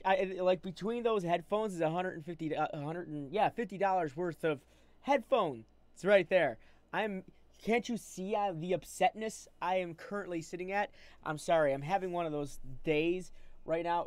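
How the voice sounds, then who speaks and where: This live streamer is ranting casually but angrily into wired earbuds, upset and constantly starting over. It's a medium-pitched, slightly mellow voice in a dry recording.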